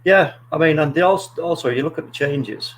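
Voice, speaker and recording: A man hosting a casual football chat, telling stories in a rambling, animated way with many restarts. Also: a little high, brisk, husky, low-quality recording. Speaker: podcast host.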